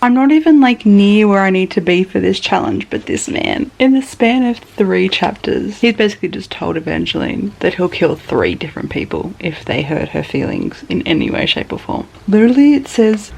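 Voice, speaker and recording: A young woman talks to camera about the book she is reading. Her voice swings widely in pitch while her level sits mid-range. She reacts with excitable laughs, gasps and casual swearing. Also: normal speed, gravelly, hardly any pauses, a little hiss or hum, rough recording. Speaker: booktuber.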